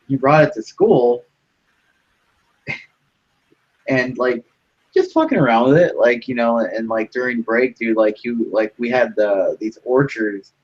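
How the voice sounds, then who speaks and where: A man's voice: medium pitch, highs cut off. A young man rambling through a story in casual chat, full of fillers and swearing.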